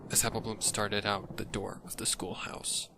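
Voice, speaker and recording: A man reading dark fan fiction aloud, narrating in a low, measured way that often drops into whispers. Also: level tone, vocal fry. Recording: noisy home recording.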